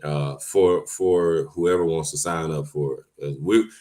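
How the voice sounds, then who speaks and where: A man's voice: extremely low pitch, fairly even intonation, unhurried, mellow. A man hosting a casual livestream, talking informally with slang and laughing often. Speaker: online livestream host.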